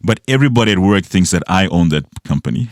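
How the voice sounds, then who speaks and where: A middle-aged man from Zimbabwe, co-hosting a podcast in casual chat, animated and laughing. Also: low-pitched, quick pace, no echo, studio quality. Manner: animated, laughs and acts out phone calls. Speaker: podcast co-host.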